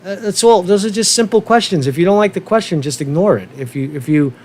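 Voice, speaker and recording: A man hosting a casual livestream rant, worked up and talking fast to his viewers, often repeating and restarting his words and swearing now and then. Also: sits high, lively intonation, darkish tone. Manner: asks viewers for feedback, profane. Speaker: livestream host.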